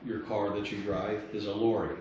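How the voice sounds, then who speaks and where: A man's voice: on the low side, flat delivery, normal speed, a little mellow, distant mic, highs cut off. A man casually explaining a comedy sketch, rambling with fillers and restarts. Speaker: comedy sketch director and actor. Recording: echoey room with faint noise.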